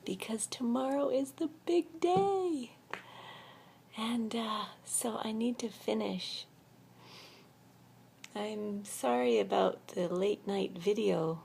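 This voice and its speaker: An older woman telling her life story in a soft, half-whispered voice, a little weary, in a quiet room at a retreat center. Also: a little high, slow pace, gravelly, long pauses, breathy edge. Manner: speaking softly, half-whispering to keep quiet. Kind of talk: personal storytelling vlog.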